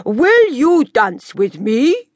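A woman voicing a lonely, simple-minded male ogre who longs to dance, speaking slowly in broken, childlike grammar in a children's audiobook. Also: sits high, very animated, darkish tone, no echo, heavily acted. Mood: plaintive, hopeful.

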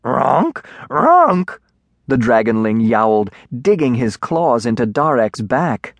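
Man reading a children's storybook, measured and expressive, mid voice, dry booth. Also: mid-range voice, no room sound, highs cut off. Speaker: audiobook narrator. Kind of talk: scripted children's storybook narration.

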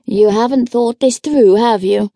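A woman with a warm voice on the high side speaks unhurriedly, with no echo. Narrating an audiobook, she voices a young male curate. The character is dry, teasing and matter-of-fact, with a wry mood.

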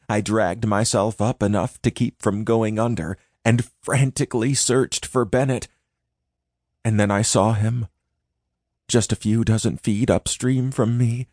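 A man's voice: medium pitch, darkish tone, no echo, studio quality. A man narrating a first-person audiobook in a dramatic, intense reading.

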